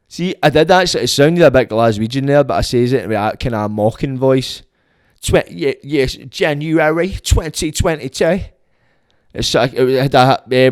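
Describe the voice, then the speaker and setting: A Scottish man rambles through a comic solo podcast monologue, swearing freely. He veers between loud, excitable bursts and low muttered asides in an ordinary mid-range voice. The sound is close and dry, with no room echo. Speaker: podcast host.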